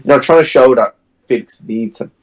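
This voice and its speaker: In a rough recording, a man with a mid-range voice talks fairly quickly as he co-hosts a podcast. Chatting casually about a film, he retells its plot with animation and acts out the scenes.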